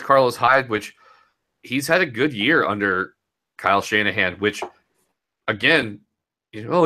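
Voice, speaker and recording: A man's voice: on the low side, pushed and bright. A young man talking casually and rambling a bit as he recaps a fantasy football week, laughing easily. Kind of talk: casual podcast chat.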